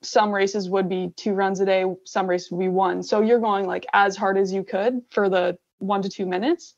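A young woman from Canada, an athlete answering interview questions in a relaxed, casual way with many fillers. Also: medium pitch, normal speed. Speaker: interview guest, gravel cyclist. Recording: dull lo-fi sound.

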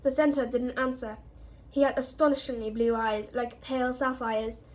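A woman reading a novel aloud in a steady storytelling manner, with a few slips. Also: fairly high pitch, moderate pace. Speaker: reader.

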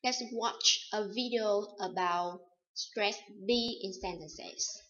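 A woman teaching an English lesson, reading vocabulary items and examples slowly and deliberately. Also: medium pitch, a bit bright. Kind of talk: recorded vocabulary and pronunciation lesson. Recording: dull lo-fi recording.

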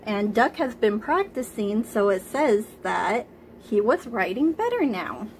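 A woman reading a picture book aloud to young children, gently stopping to ask them questions. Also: medium pitch, big pitch swings, a little slow, a little hiss or hum.

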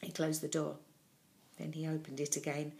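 A woman reading a children's storybook aloud as storyteller, with an expressive, clear delivery. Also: sits low, moderate pace, slight background noise.

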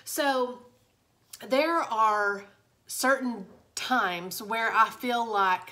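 A woman's voice: fairly high pitch, drawn-out words, bright, forceful tone. A young woman, chatting casually and confidingly to viewers in a motivational vlog from her home office. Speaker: direct sales director.

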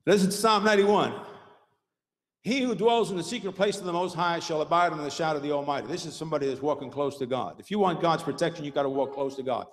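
Give me a male pastor with a high voice, preaching emphatically in a reverberant church. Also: fast. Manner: emphatic preacher with call-outs like "Hello?" and "Huh?". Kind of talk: sermon. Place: church sanctuary. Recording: long reverb of a church hall.

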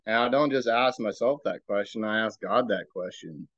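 A man hosting a podcast, giving a reflective spiritual talk in a slow, musing way and asking himself rhetorical questions. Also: lowish voice, fairly bright tone, dry recording, dull audio. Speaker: podcast host.

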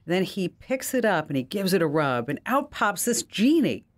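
Animated woman podcast host. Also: lowish voice, moderate pace. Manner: animated, laughing storyteller. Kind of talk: casual podcast chat.

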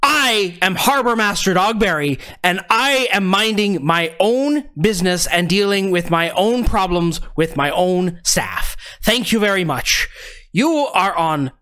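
A man's voice: high-pitched, animated, measured pace, pushed and bright, heavily acted. A man voicing a portly, pompous harbor master in a tabletop role-play game, blustering and self-important.

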